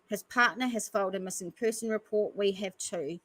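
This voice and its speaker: A podcast host reads news articles aloud, often stopping between passages to add earnest comments. Her medium-pitched voice is a little fast and a bit bright, with no echo, though the recording quality is low.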